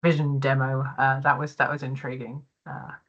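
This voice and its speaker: A man's voice: mid-range voice, flat delivery, normal speed, gravelly, fairly bright tone, lo-fi sound. A man taking part in a casual discussion, speaking hesitantly with many fillers and restarts. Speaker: participant.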